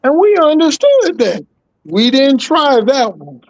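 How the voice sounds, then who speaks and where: Very high-voiced, slow-talking man. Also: wildly swooping pitch, dull audio. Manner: blunt, profane, chiming in with agreement. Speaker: podcast co-host. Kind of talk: casual chat.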